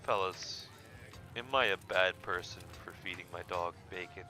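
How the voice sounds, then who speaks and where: A man's voice: sits low, normal speed, bright, forceful tone, faint music behind. A young man reading a story game aloud and joking about his choices, in a goofy, self-mocking way. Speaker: let's play host.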